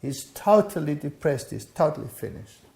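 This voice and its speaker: Older guy telling a story, gravelly and dark voice, roomy echo. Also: a little high, moderate pace. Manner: animated storytelling, acts out dialogue. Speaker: interviewee. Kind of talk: recounting a personal testimony.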